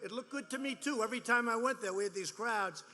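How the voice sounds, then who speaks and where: Older man rambling at a rally, very bright. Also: very high-pitched, fast talker, big-room sound. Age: 70s. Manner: rambling, boastful and mocking, with repeated phrases. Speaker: politician speaking at a rally. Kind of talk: campaign rally speech. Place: large rally venue.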